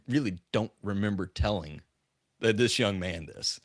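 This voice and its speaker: A man's voice: on the low side, moderate pace, no echo, clean studio sound. A middle-aged man who coaches leaders, hosting a live-stream podcast. He speaks earnestly and emphatically, tells stories, and repeats his key points. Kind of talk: live-stream talk with storytelling.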